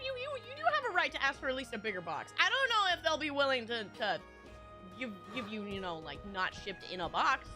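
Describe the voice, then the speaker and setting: A woman's voice: on the high side, pushed and bright. A woman game streamer chatting casually with viewers, rambling with lots of restarts and little laughs.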